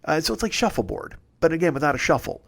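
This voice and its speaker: A man's voice: fairly high pitch, big pitch swings, quick pace, gravelly. Male comic host, 40s, loose profane monologue, chuckles at himself. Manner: rambling, profane, laughs at his own jokes. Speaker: comedian host. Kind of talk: solo comedy monologue.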